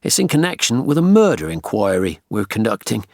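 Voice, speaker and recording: A man's voice: lowish voice, sing-song, brisk, darkish tone, no room sound, clean studio sound. A man voicing an ageing, blunt, crude male detective in an audiobook, talking in cocky banter.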